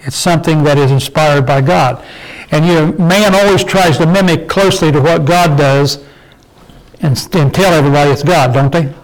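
Older guy teaching bible study, folksy, keeps asking okay?, a bit high-pitched. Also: fairly even intonation, normal speed, rough recording. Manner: folksy, asks the group "okay?" and "did we?".

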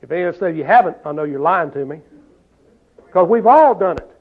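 A man's voice: high-pitched, animated, a little fast. A man preaching a sermon in a folksy way, often asking the listeners questions and saying "see?". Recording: tinny phone-like sound.

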